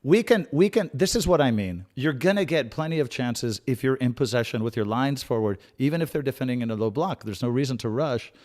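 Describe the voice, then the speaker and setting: A man hosting a live match watch-along, calmly analysing tactics and breaking into excited outbursts at big plays. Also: medium pitch, a little fast, few pauses. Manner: chatty, repeats himself and restarts phrases. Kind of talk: live fan match commentary.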